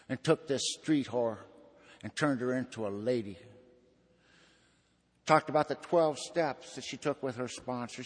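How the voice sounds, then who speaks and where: Man telling his story in a reverberant hall. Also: medium pitch. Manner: folksy storytelling, drawling slang, swings between loud and hushed. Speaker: speaker at a recovery meeting. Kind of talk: personal testimony talk.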